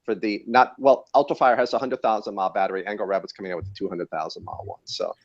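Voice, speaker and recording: A man's voice: fairly low pitch, fairly even intonation, rapid-fire, gravelly, highs cut off. A man who tests batteries, talking in a casual podcast chat in a wry, rambling, self-correcting way. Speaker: battery tester and guest.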